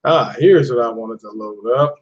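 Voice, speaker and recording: A man hosting a casual live-streamed podcast, upbeat and full of shout-outs to his chat. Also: mid-range voice, normal speed. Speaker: podcast host. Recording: muffled lo-fi stream audio.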